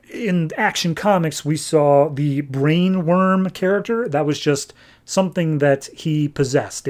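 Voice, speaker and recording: A young man hosting a podcast, casually retelling a comic's plot with quick bits of acted dialogue. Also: medium pitch, darkish tone. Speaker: podcast host recapping comics.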